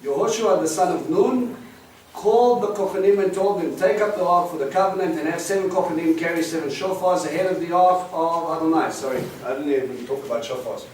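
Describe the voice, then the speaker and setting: A man's voice: a little high, fairly quick, a little mellow. A man teaching a Bible study to a small group, explaining Hebrew words and quizzing the class. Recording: roomy, distant mic with faint hiss.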